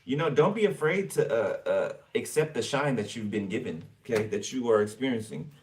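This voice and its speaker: A man's voice: medium pitch, animated, a little fast, distant mic, slight background noise. A man giving a casual tarot reading for viewers, chatty and blunt, swearing freely as he turns the cards. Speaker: tarot reader.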